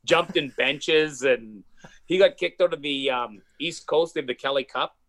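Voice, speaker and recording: A man with a slightly high voice spins long, rambling stories in casual chat, swearing freely and piling up restarts. He sounds animated and loose, like a guest caught up in his own tale. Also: normal speed. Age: adult with a wife and kids. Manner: profane, rambling, animated storyteller. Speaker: podcast guest.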